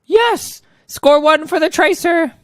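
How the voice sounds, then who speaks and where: High chirpy english heroine in a rush, strained falsetto accent, man reading from a comic. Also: slow pace, no echo, studio quality.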